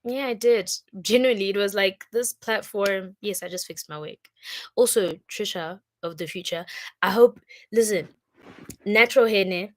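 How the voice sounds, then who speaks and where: A woman's voice: medium pitch, moderate pace. Emotional young woman in a chatty vlog. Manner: emotional, teary, chatty, with laughs and sudden loud bursts. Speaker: vlogger. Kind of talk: casual vlog, talking to her future self.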